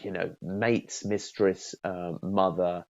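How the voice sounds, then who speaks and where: A middle-aged man talks through a sales lesson in a loose, chatty way, stumbling over repeated words and restarts. His voice sits low. The recording is dry and a little dull, with no room sound. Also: little pitch movement, slow pace, dry recording. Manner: chatty, repeats words and restarts often, acts out call examples. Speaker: sales trainer. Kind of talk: casual spoken training talk.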